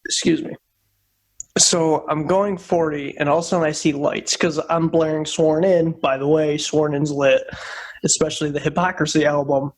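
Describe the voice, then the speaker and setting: A podcast co-host from Upstate New York tells a rambling, profane story in a casual chat, repeating himself often. His voice is a little high, with fairly even intonation and a moderate pace.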